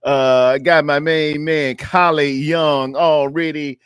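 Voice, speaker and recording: A man's voice: on the high side, fairly even intonation, slow pace, fairly bright tone, clean tone, no echo, clean studio sound. A man hosting a sports fan livestream in a loose, repetitive, chatty way, calling out viewers by name. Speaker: sports show host. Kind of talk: casual livestream chat. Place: home studio in North Carolina.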